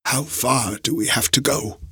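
Brief: a man playing a frail old professor, high strained voice, breathless and insistent, storybook reading. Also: measured pace, pushed and bright, slightly rough, no room sound, clean studio sound, heavily acted. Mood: weary. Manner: urgent, breathless pleading.

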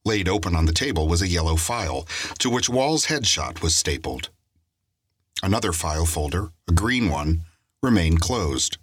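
Deep husky male audiobook narrator. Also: animated, normal speed, dry recording.

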